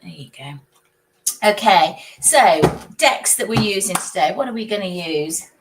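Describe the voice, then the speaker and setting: Woman, psychic stream host, croaky, casual and chatty, faint background hiss. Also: medium pitch, animated, a little slow. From United Kingdom. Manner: chatty, greets viewers by name, laughs often. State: croaky with a cold coming. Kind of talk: casual live-stream chat.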